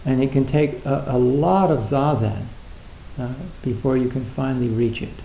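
Guy rambling thoughtfully about zen, um-ing a lot, super dark mellow tone, roomy echo. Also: mid-range voice, steady tone, normal speed, vocal fry, slight background noise. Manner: hesitant, many fillers and restarts, acts out little dialogues. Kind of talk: reflective casual talk.

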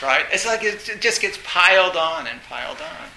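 A man giving an informal dharma talk as a Zen teacher. He speaks haltingly and grows more animated as he retells a story. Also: sits high. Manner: halting, storytelling, recounts a film with rising animation. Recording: roomy echo with faint hiss.

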